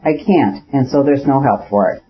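A man reading a reluctant, gentle landowner. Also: medium pitch, moderate pace, slight background noise, lightly acted. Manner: gentle, unwilling replies. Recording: dull lo-fi recording.

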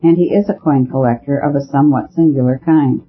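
A man voicing a quiet, shrewd male priest who speaks calmly and patiently in a storybook reading. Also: mid-range voice, brisk, close to an everyday voice. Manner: calm, gloomy, patient. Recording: narrow phone-like sound.

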